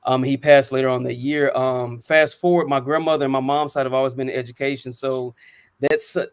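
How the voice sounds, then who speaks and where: Earnest, halting man sharing stories. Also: mid-range voice, fairly even intonation, clear, resonant tone, no room sound. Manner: earnest, halting, many restarts and ums. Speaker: co-host. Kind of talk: reflective personal storytelling.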